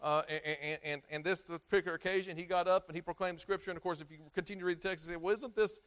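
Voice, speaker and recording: High-voiced man preaching. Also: steady tone. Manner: halting, repeats words often; rises loud in emphatic passages, drops low at phrase ends. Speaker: pastor. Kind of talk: sermon.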